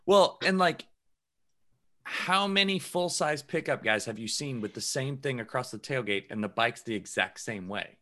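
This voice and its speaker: This podcast co-host has a medium-pitched, bright, forceful voice with lively intonation and a normal pace. He rambles through casual chat, full of fillers and frequent laughter.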